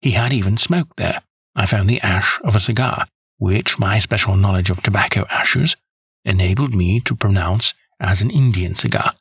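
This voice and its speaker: A man narrating a classic story in the first person, in an even, measured way. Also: on the low side, creaky, husky, no room sound, clean studio sound. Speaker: audiobook narrator.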